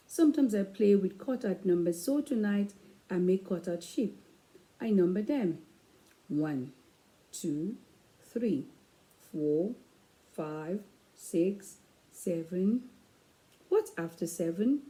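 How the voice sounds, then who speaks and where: A woman hosting her own channel, reading a children's picture book aloud in a slow, expressive way with playful asides. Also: medium pitch, poor audio.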